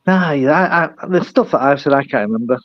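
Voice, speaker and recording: A man's voice: fairly high pitch, expressive, fairly quick, dry recording, lo-fi sound. An older man with a British accent, chatting casually as a guest, rambling and self-deprecating. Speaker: guest caller. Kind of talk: casual chat.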